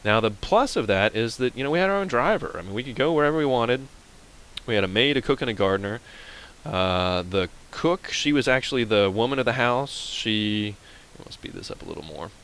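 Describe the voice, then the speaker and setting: A man's voice: mid-range voice, lively intonation, a little fast, creaky, a bit bright, clear, resonant tone, poor audio. A man from Pennsylvania commenting on a game and telling a rambling story to viewers in a casual, chatty way. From Pennsylvania, USA. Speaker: let's play host.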